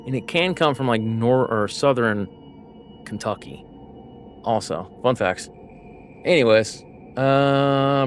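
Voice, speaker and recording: A man's voice: medium pitch, slow, long pauses, a little hiss or hum. A man from the United States, a gaming streamer, chatting casually and rambling with lots of fillers while he plays. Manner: rambling, filler-heavy, easygoing.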